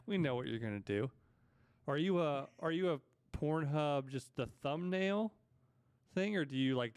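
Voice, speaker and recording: A laid-back male podcast host with a smooth, resonant voice and a slightly high pitch. The sound is dry and close, with no room in it. He trades crude jokes easily with his guest. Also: no room sound. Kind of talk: casual podcast chat.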